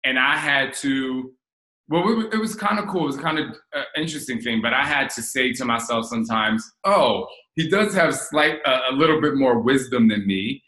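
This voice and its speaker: A man's voice: medium pitch, moderate pace, echoey room, rough recording. A man in his forties from New Jersey, hosting a casual chat and candidly telling stories from his relationship. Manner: candid, animated storyteller. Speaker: host.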